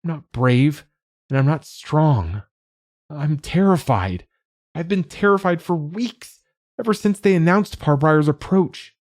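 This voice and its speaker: A man's voice: fairly high pitch, lively intonation, a little slow, dark tone, pitched above the performer's own voice. A man voicing a frightened teenage girl in an audiobook, pleading and tearful in a raised voice. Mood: scared, tearful. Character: frightened teenage girl about to leave home.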